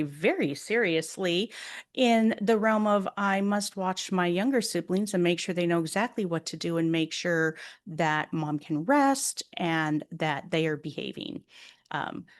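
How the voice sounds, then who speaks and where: A middle-aged woman hosting a podcast, telling personal stories in a candid, earnest way and speaking straight to listening moms. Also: mid-range voice. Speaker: podcast host and life coach. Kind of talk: personal storytelling monologue.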